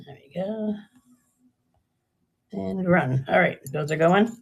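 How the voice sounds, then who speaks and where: Older woman with a gravelly voice. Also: fairly low pitch, slow pace, muffled recording. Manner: chatty and rambling, trailing off mid-sentence. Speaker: live-stream jewelry seller. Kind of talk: casual live-sale chat.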